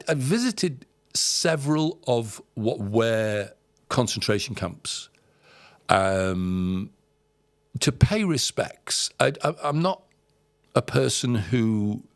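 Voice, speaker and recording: Brief: low, gravelly male storyteller, dry close sound, halting and heartfelt. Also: no room sound. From England. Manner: emotional, halting, many fillers and restarts. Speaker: podcast guest storyteller. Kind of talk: casual anecdotal storytelling.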